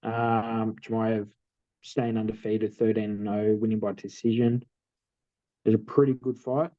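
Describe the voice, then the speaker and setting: A young Australian man co-hosting a podcast, telling stories in a relaxed way with many fillers. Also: lowish voice, measured pace, no room sound, highs cut off. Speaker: podcast co-host. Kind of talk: casual chat.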